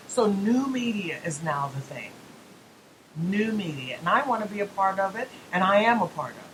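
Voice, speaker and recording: A woman's voice: medium pitch, animated, moderate pace, a little hiss or hum, poor audio. A woman hosting a political talk radio show, speaking emphatically with rhetorical questions and folksy asides.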